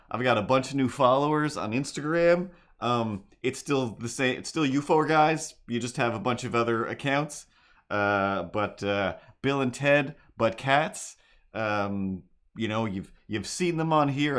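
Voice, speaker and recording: A man's voice: mid-range voice, fairly bright tone. A man hosting a casual livestream while drawing at home, rambling in a goofy, self-mocking way, his voice a bit worn. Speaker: livestream host and artist. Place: home apartment.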